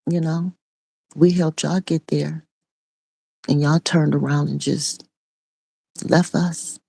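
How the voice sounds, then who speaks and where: Slow, gravelly-voiced woman preaching. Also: deep voice, fairly even intonation, warm tone, no echo. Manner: repetitive preaching cadence, raw and emotional. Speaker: online preacher. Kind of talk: impassioned spoken testimony.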